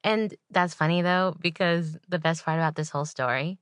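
A woman's voice: sits low, steady tone, normal speed, few pauses, clear, resonant tone, no echo, clean studio sound. A woman podcast host telling a story as a solo rant, sarcastic and exasperated.

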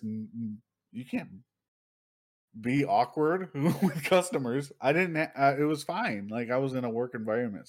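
A young man chatting casually as a podcast co-host, telling stories with lively acted-out outbursts and frequent laughter. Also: mid-range voice. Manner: animated storytelling, acting out people with loud outbursts, laughs often. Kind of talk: casual chat.

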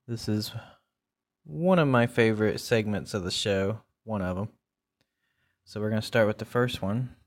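Low-voiced man hosting a rambling podcast. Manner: rambling and laid-back, with many fillers. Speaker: podcast host. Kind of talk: casual solo podcast chat.

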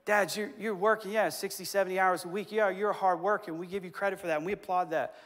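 A man in his forties preaches from a stage, telling his stories with animated emphasis and humor at his own expense. His voice is high and bright. It echoes through a large, reverberant hall. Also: fast talker. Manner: animated, emphatic storytelling, self-deprecating. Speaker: pastor. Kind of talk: sermon.

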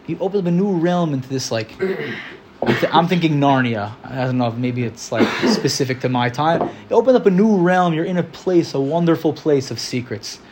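A man's voice: a little high, expressive, normal speed, background noise. A man teaching an informal religious class in a chatty, loose way, often acting out little quotes. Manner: chatty, full of "like", acts out quotes. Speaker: Torah teacher.

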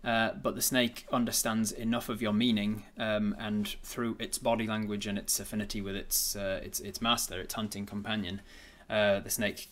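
A man's voice: lowish voice, little pitch movement, moderate pace, hardly any pauses, fairly bright tone. A man narrating as game master of a tabletop game, hesitant, with many fillers and restarts.

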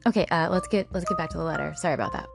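A woman's voice: low voice, racing, vocal fry, music in the background. A woman in her thirties hosting a true-crime show, swearing often and sarcastic, audibly exasperated as she comments. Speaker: podcast host.

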